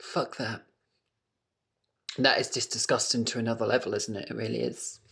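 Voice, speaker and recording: A British man talking to his phone camera at home in a casual vlog, camp, chatty and animated, swearing freely. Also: mid-range voice, normal speed, creaky. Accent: British English. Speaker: vlogger.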